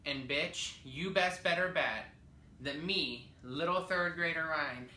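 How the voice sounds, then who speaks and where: A young man tells a storytime vlog with sass and drama, his voice bright and forward. The room rings back with noticeable echo, and a faint ambient hum sits behind him. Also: fairly high pitch, slow. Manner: sassy and animated, dramatic asides. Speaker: vlogger.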